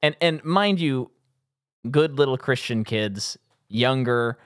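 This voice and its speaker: A man chatting on a podcast, his pitch leaping up and down as he tells a story. He breaks into high, squeaky voices to act out movie lines, then drops back into a relaxed, rambling tone. The sound is close and dry, with no room around it. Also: slow, no echo. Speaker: podcast co-host. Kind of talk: casual movie podcast chat.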